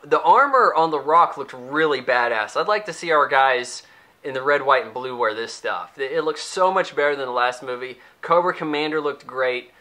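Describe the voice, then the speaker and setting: A man's voice: medium pitch, expressive, normal speed, pushed and bright. A young man giving a casual, sarcastic, rambling movie review, acting out the characters' lines as he goes.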